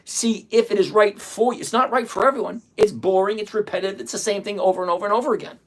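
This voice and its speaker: Blunt, exasperated man hosting a livestream. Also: high voice. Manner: blunt, exasperated, counts down rapidly. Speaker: livestream host on stock trading. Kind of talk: casual livestream talk.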